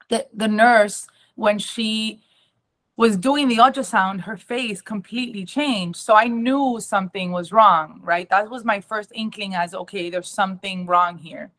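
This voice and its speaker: A young adult woman giving a personal testimony at an awareness talk, emotional and halting, with many ums and restarts. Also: mid-range voice, fairly bright tone.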